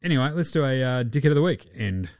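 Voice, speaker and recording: A man's voice: mid-range voice, lively intonation, fast talker, a little mellow. A man with an Australian accent hosting a casual, rambling chat with lots of swearing and chuckling asides. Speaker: podcast host.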